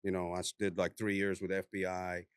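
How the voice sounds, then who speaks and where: Animated former cop telling stories. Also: male voice, sits low, brisk, clean tone, dry recording. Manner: animated, laughing, swears freely. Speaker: former narcotics task force officer. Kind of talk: casual storytelling.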